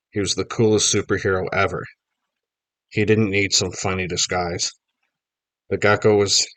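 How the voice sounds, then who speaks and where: A man's voice: deep voice, a bit bright, no room sound. A man narrating a children's book in the first person, reading steadily and plainly. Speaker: audiobook reader.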